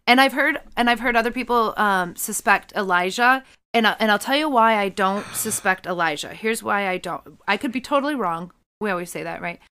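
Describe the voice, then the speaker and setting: A woman co-hosting a podcast, recapping a TV episode in animated casual chat, often restarting her sentences. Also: medium pitch, a little fast, smooth. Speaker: podcast co-host.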